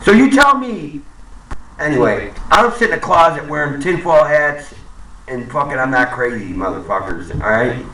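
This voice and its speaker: A man's voice: medium pitch, moderate pace, pushed and bright, echoey room, distant mic, slight background noise, rough recording. A man ranting angrily to camera, swearing and repeating himself, in a profane monologue. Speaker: vlogger. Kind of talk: profane conspiracy rant to camera.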